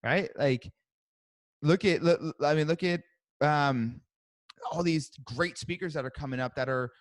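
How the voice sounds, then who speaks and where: A man's voice: fairly high pitch, a little slow, dry recording. A man who works as a growth coach, talking as a podcast guest in an encouraging, emphatic way and swearing casually.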